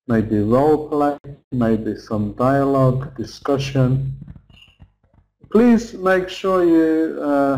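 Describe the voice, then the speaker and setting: A man teaching an online lesson, slow and patient, repeating key phrases for his students. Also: mid-range voice, darkish tone, rough recording. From England. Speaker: English teacher.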